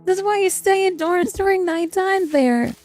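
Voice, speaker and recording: A woman streamer reacting to a game as she plays, swearing constantly and yelling at enemies. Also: extremely high pitch, expressive, a little slow, faint music behind. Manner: profane, yelling, reacting loudly. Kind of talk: live gameplay commentary.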